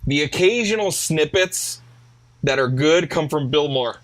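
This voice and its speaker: A man's voice: on the high side, lively intonation, normal speed, crowd noise. Agreeable man co-hosting a podcast. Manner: agreeable, backs up the host. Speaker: podcast co-host. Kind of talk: casual podcast chat.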